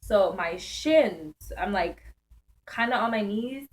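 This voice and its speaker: A young woman vlogger telling a wild night-out story in casual slang, animated and laughing often. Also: mid-range voice, slow pace, low-quality recording.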